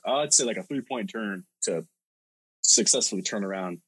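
A man's voice: fairly low pitch, moderate pace, a bit bright, husky, no room sound, rough recording. A male podcast host telling a story casually, rambling and swearing with lots of filler words.

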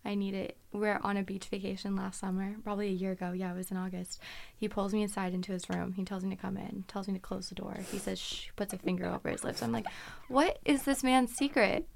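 A young woman in her twenties hosting a casual chat, telling animated stories with frequent giggles. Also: medium pitch, fast, gravelly. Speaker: podcast host.

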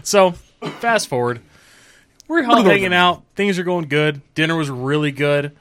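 A man's voice: on the high side, unhurried, fairly bright tone, no room sound. A man co-hosting a podcast, casually telling a family holiday story with jokes. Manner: laid-back storyteller, joking. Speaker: podcast co-host. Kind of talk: casual chat.

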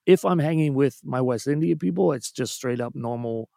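A man, a podcast guest in casual chat, talkative and quick to laugh. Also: medium pitch, gravelly, dry recording, clean studio sound. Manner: warm, chatty, laughs often.

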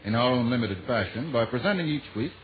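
A man's voice: mid-range voice, expressive, fast. A man reading scripted radio announcements in a formal, wry, polished manner, on a dull old radio recording. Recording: dull 1940s radio recording with faint music.

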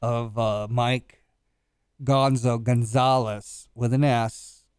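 A man on a talk radio show, with a smooth, clear voice recorded dry and close. He talks in a laid-back, mumbly way and fills pauses with plenty of yeahs. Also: medium pitch, fairly even intonation, a little mellow, dry recording. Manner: mumbling, laid-back, keeps saying yeah. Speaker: radio co-host and guest. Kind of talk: casual talk radio banter.

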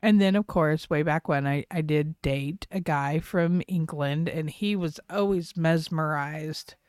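A woman with a slight Oklahoma twang and a lowish voice chats on a podcast. She is blunt and chatty, swearing casually. The sound is close and dry. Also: unhurried, a little mellow, dry recording. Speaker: podcast co-host. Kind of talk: casual chat recapping reality TV.

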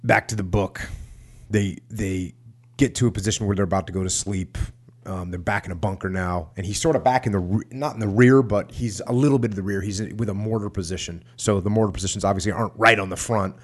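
A man's voice: on the low side, fairly even intonation, fast talker. A man hosting a talk show, reading a book aloud and breaking off into casual commentary with frequent restarts. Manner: conversational, frequent restarts and asides. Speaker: podcast host reading a war memoir.

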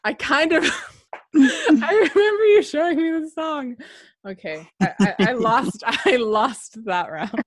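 A woman's voice: high voice, animated, takes it slowly, no room sound, studio quality. A woman hosting a podcast, chatting casually and laughing often. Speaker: podcast host. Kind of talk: casual chat.

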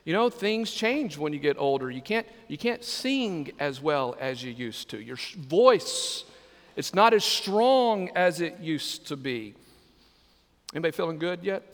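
High-voiced joking pastor preaching. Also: male voice, sing-song, a little slow. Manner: humorous, asks the congregation questions. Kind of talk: sermon. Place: church sanctuary. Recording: live sermon in a reverberant hall.

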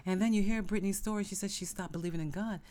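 Racing along in a dark-toned, mid-range voice with fairly even intonation, a middle-aged woman hosts a self-help podcast meant to motivate. Her delivery is emphatic and full of repetition, punctuated by sudden whispered asides.

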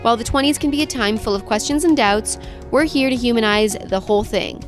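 A woman's voice: fairly high pitch, a little fast, soft background music. Bubbly woman podcast host. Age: 20s. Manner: bubbly, enthusiastic. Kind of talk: scripted intro, then casual interview chat.

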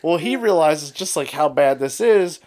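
A man's voice: fairly high pitch, animated, normal speed, darkish tone. Rambling profane male storyteller. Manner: rambling, profane, with many filler tags like "right?". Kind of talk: casual storytelling chat.

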